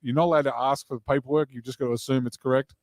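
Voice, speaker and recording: A man's voice: mid-range voice, fairly even intonation, very fast, no room sound, clean studio sound. A man, a comedian guest chatting and telling wry, laid-back anecdotes. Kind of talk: casual chat, storytelling.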